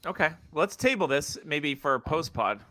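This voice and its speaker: A man's voice: on the high side, sing-song, moderate pace, sharp tone, no room sound. A man hosting a casual sports podcast, joking and upbeat as he introduces the show. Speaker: podcast host.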